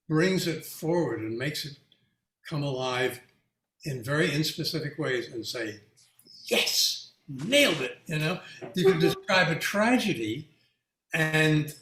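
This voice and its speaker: A man with a slightly raised voice talks over his art in a halting, musing way, restarting often. The room around him has a clear echo. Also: a little high, fairly bright tone. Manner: halting with many restarts, laughs while telling anecdotes. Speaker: featured artist answering audience questions. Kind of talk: reflective casual talk.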